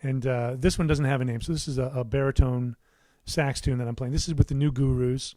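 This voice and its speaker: A man's voice: medium pitch, steady tone, brisk, dry recording. Man chatting loosely on a studio livestream. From United States. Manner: rambling, warm asides, many fillers and restarts. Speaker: musician hosting his own livestream. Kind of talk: casual livestream chat. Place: his home recording studio.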